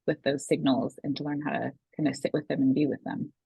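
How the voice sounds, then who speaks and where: A woman guest on a podcast, calmly and thoughtfully explaining her ideas. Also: deep voice, brisk, vocal fry, slightly rough, dry recording. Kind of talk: casual interview chat.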